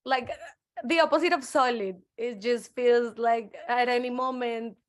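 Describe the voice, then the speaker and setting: A woman's voice: on the high side, a little slow. A woman whose first language is Spanish, a therapy client hesitantly describing what she feels. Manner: hesitant, searching for words. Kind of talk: therapy session conversation.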